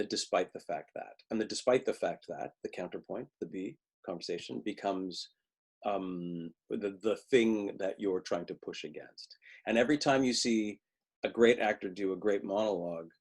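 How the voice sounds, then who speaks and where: Husky low-voiced man teaching acting. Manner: conversational, restarts often, acts out quoted lines. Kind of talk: webinar teaching talk. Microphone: video call.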